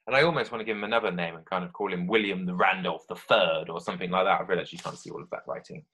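A male primary teacher leading a remote literacy lesson, explaining each step to children in a friendly, patient way. His voice sits fairly low, with a bright, forceful edge to the tone. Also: very fast, husky.

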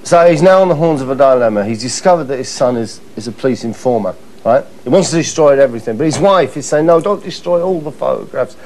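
A man's voice: mid-range voice, expressive, quick pace, hardly any pauses, darkish tone, rough recording. A man hosting a comedy show, introducing clips with mock-dramatic asides and frequent laughter. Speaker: host presenting clips. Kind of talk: comic presenting.

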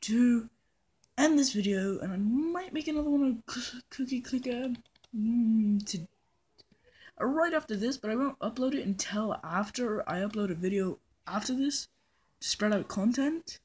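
Speaking at a measured pace, this woman's fairly high, darkish voice has a breathy edge and lively intonation. She hosts a gaming channel, doing let's-play commentary in a fake British persona, playful, rambling and self-deprecating, sometimes sliding into hummed nonsense, all captured on a phone.

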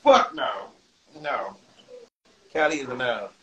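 A man's voice: mid-range voice, animated, takes it slowly, low-quality recording. Loose, laughing man on a livestream. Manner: laughs often, reads viewer comments aloud; loose, rambling, profane. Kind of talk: casual livestream chat.

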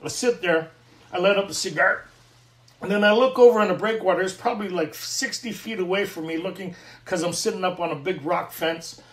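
A middle-aged Canadian man tells his recovery story in an earnest, animated way, acting out both sides of each conversation. His voice sits high for a man. He sounds set back from the mic in an echoey room. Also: a little fast, far from the mic. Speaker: recovery meeting speaker. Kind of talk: sharing a personal recovery story.

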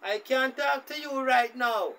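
A man voicing a busy, stern dentist father who scolds his daughter slowly and emphatically. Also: extremely high pitch, bright, forceful tone, pitched above the performer's own voice, heavily acted, rough recording.

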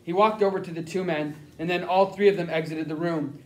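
A man's voice: a little high, steady tone, brisk, darkish tone. Man narrating an audiobook, echoey room. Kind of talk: first-person audiobook narration. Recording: roomy echo.

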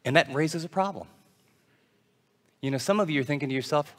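A man's voice: on the high side, fairly quick, pauses often, big-room sound. A man preaching a sermon, acting out his listeners' doubts in quoted asides. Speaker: pastor.

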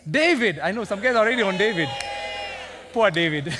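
A man with a Kenyan accent preaching a sermon as senior pastor, animated and humorous, acting out characters and laughing often. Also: sits high, a little fast, a crowd in the background. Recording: long hall reverb.

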